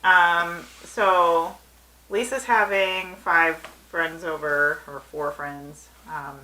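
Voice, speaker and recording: A woman co-hosting a casual episode review, retelling scenes with animated bits of acted-out dialogue. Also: lowish voice, very slow, a little hiss or hum, low-quality recording. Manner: animated retelling, acting out quoted lines. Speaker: podcast co-host.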